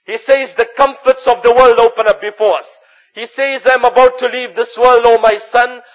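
A man's voice: very high-pitched, steady tone, normal speed. A man preaching an earnest sermon, telling stories and reciting Arabic narrations. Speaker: Islamic preacher. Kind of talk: sermon with storytelling. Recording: dull lo-fi recording.

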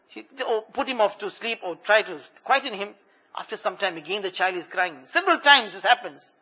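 A male preacher telling stories in a sermon, animated narration with shifting volume. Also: sits high, slightly rough. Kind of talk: sermon storytelling. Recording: muffled lo-fi recording.

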